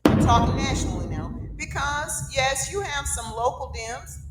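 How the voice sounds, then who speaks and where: Middle-aged Southern woman commentator, forceful and opinionated, rhetorical asides; recorded in an echoey room over loud music. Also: high-pitched, moderate pace. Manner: emphatic, punctuates points with rhetorical "okay?" and "right?". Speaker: political commentator.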